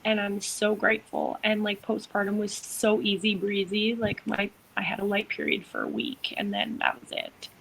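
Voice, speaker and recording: A young woman co-hosting a podcast, telling a personal story in a casual, animated way, acting out quotes and using lots of fillers. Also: medium pitch, moderate pace, gravelly, few pauses, a little hiss or hum, low-quality recording. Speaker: podcast co-host, doula.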